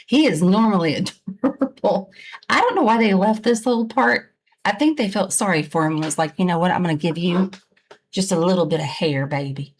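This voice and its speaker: A woman's voice: medium pitch, a little hiss or hum. A woman with a Southern US accent, chatting casually on a livestream as its host, talking frankly and laughing often.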